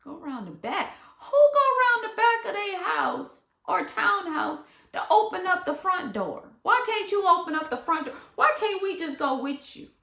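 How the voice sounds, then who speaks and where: A woman from Michigan telling a casual storytime, acting out the people she quotes and at times dropping to a hush. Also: very high voice, moderate pace, gravelly, few pauses. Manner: animated, dramatic retelling with voiced quotes; drops to hushed near-whispers at times. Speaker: vlogger. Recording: echoey room.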